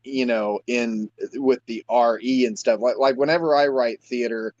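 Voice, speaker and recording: A man's voice: mid-range voice, fairly even intonation, normal speed, no echo. A man from the United States in a casual chat, hesitant and often restarting his sentences. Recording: dull dry lo-fi sound.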